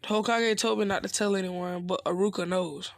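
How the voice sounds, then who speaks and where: A man voicing an excitable teenage boy ninja in a fan-made story, with a slightly gravelly voice. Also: sits high, brisk, no room sound. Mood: earnest. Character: young male ninja, excitable teen.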